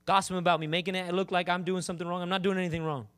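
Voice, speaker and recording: A man's voice: high voice, quick pace, few pauses. Emphatic man preaching a sermon. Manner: animated, emphatic, calls out to the congregation. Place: church with congregation.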